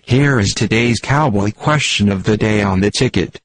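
A synthetic male text-to-speech voice playing a stiff, deadpan sports computer that reads jokes in stilted, formal phrasing for a radio comedy bit. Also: fairly low pitch, normal speed, close to an everyday voice.

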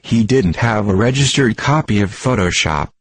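A stiff, deadpan male sports computer, reading every line in stilted, formal phrasing. The voice is low and synthetic. It sits completely dry and close, with no room around it. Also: normal speed, husky, no room sound. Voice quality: synthetic text-to-speech voice. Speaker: comedy bit on sports radio.

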